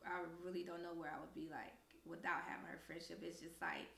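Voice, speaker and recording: A young woman co-hosts a casual podcast, telling stories with lots of acted-out quotes. Her voice is bright with a gravelly edge of fry. The room around her is echoey. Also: lowish voice, quick pace. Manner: animated storyteller, acts out quoted voices. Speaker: podcast co-host. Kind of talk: casual storytelling chat.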